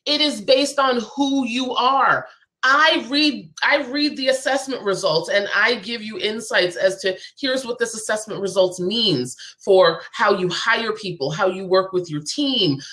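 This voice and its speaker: A woman's voice: mid-range voice, fairly bright tone. A woman guest on a live show, a business coach talking in an emphatic, persuasive way and repeating her key phrases.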